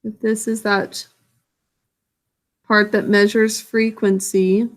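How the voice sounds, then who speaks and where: A woman's voice: mid-range voice, flat delivery, takes it slowly. A woman teacher explaining a science lesson in a casual, self-correcting way to young students. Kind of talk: recorded classroom lesson.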